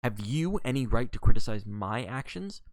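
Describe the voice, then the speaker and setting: A man's voice: on the low side, sing-song, moderate pace, dry recording. A man reading the part of a cool, defiant wife who answers in cold, clipped retorts.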